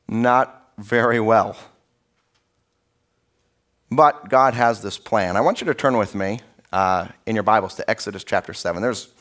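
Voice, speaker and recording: A man preaching a sermon as pastor in a church, in a conversational, animated storytelling way. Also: lowish voice. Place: church sanctuary.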